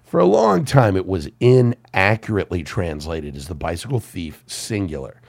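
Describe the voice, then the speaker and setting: A man hosting a casual film chat, an animated storyteller who swears and laughs often. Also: low-pitched, moderate pace, creaky. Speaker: podcast host.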